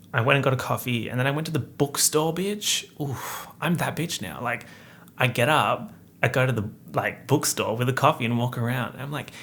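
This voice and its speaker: A man's voice: medium pitch, a bit bright. A young man, hosting a casual solo podcast chat full of playful slang and asides. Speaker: podcast host.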